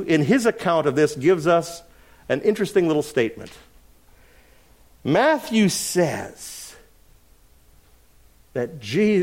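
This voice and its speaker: A middle-aged man preaching an expository sermon, swinging between loud emphasis and quiet asides. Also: high voice. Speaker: pastor.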